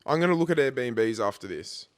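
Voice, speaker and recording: A young Australian man co-hosting a podcast in casual chat, animated and full of swearing and "bro". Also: mid-range voice, normal speed, dry recording, studio quality. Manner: animated, swears a lot, keeps saying bro. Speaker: podcast co-host.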